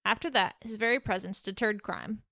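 A woman's voice: mid-range voice, normal speed, gravelly, no echo, studio quality. A woman voicing a timid, demure teenage girl who speaks shyly. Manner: shy and soft-spoken.

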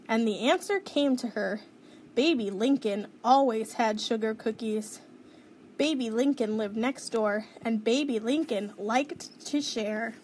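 A woman reading a children's book aloud, slow and expressive, with lively sound effects. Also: a little high, slight background noise.

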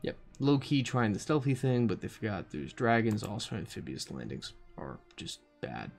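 A man's voice: lowish voice, expressive, moderate pace, vocal fry, a little mellow, faint music behind. A man giving casual, profane commentary while playing a strategy game, thinking aloud with dry asides. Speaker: gaming commentator. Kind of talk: casual let's-play commentary.

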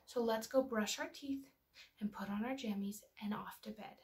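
A woman voicing her gentle three-year-old daughter, who speaks in a soft and reassuring way. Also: medium pitch, moderate pace, natural voice. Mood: soothing. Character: sweet three-year-old girl comforting her mother.

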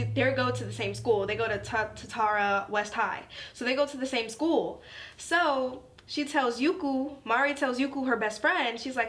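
Brief: chatty woman doing an anime review, slangy and animated, slightly high voice. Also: moderate pace. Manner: animated, slangy, laughing asides. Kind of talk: casual review chat.

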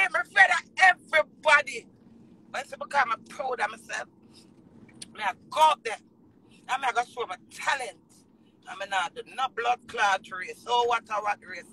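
A tearful woman with a Jamaican accent, ranting emotionally, swearing in patois, swinging from low mutters to shouts. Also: slight background noise, low-quality recording. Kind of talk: emotional live rant.

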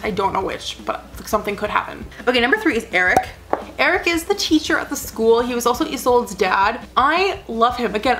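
A woman's voice: on the high side, fairly bright tone, slight background noise. A young adult woman chatting casually as a vlogger, rambling earnestly with lots of "like" fillers. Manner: rambling, full of "like" fillers, gushing; emotional, earnest. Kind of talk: casual chat.

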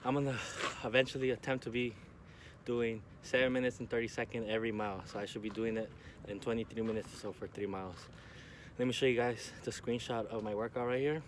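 A man's voice: medium pitch, steady tone, fast. Male vlogger, outdoors, out of breath, casual sign-off energy, noisy outdoor handheld recording. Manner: hyped, laughing, shouting sports chants. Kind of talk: casual vlog chat. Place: outdoors at a beach.

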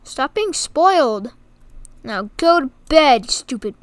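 A woman talks over her gameplay in a casual, giggly way, with a high voice and an unhurried pace. She teases the game's characters and exclaims as she plays. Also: very animated. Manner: giggly and teasing, full of exclamations. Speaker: gaming YouTuber.

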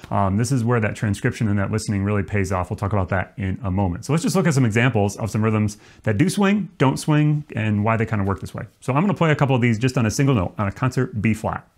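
Male trombone teacher, lowish voice, relaxed, explains step by step. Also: fast, hardly any pauses. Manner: relaxed, demonstrative, counts off and sings rhythm syllables. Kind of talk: music lesson.

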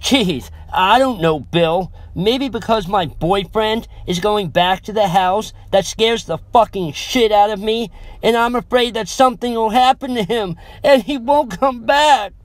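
A man doing a sharp, upset young woman. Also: fairly high pitch, expressive, moderate pace, no echo, pitched above the performer's own voice, lightly acted. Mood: yelling, tearful. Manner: sharp, snapping, tearful.

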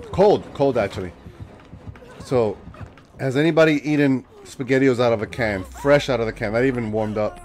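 A man's voice: medium pitch, darkish tone. A man with a stuffy nose from a cold, joking and chatting with viewers while he streams a game. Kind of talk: casual live-stream gaming commentary.

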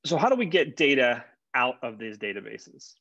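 A man's voice: mid-range voice, big pitch swings, normal speed, a bit bright, no room sound. A man, a college instructor, giving a conversational classroom lecture with fillers and repeated words. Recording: dull, dry lecture recording.

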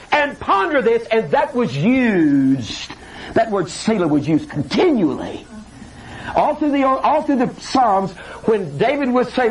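Lively older preacher, distant and hissy. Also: male voice, high-pitched. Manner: animated, dramatic preaching with acted-out quotes. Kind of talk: sermon. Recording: distant mic with faint hiss.

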